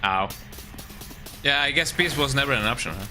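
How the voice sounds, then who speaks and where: A man's voice: medium pitch, expressive, normal speed, pushed and bright, soft background music. A man streaming a video game while sick with a cold, chatting casually and tagging his lines with "eh?". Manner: laid-back chatter, tags lines with "eh?".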